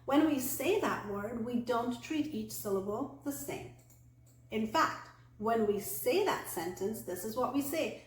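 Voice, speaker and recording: A woman with a slightly high voice teaches English pronunciation in a clear, deliberate way, slowing down to model example sentences. Her voice rings a little in an echoey room. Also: animated. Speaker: English accent coach. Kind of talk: online English pronunciation lesson.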